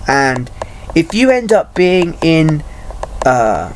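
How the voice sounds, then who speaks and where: A man talking in a personal vlog, halting and searching for words, restarting often and swearing freely. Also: a little high, very animated, slight background noise. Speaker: vlogger.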